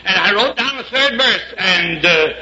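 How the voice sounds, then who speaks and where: A male minister telling a story in a sermon, animated and lively, slipping into acted voices. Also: high voice, unhurried, crowd noise. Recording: echoey lo-fi hall recording with audience.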